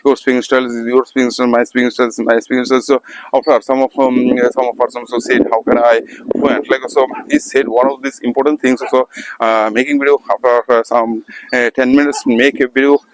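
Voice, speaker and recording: A man with an Indian English accent giving an unscripted motivational talk to camera, speaking haltingly with many fillers and repeated words. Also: mid-range voice, flat delivery, a little hiss or hum, rough recording. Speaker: English-practice vlogger. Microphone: camera mic.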